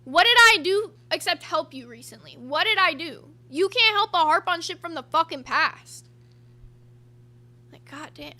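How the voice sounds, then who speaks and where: A woman's voice: extremely high pitch, lively intonation, moderate pace, hardly any pauses, pushed and bright. A woman co-hosting a show, talking bluntly and profanely in a heated argument. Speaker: podcast co-host. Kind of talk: heated commentary chat.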